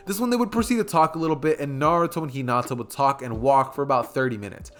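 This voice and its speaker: A man's voice: a little high, quick pace, hardly any pauses, fairly bright tone. A man narrating a fan-fiction story in a casual, rambling way, with joking asides. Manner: casual, filler-heavy, with self-aware joking asides. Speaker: YouTube storyteller.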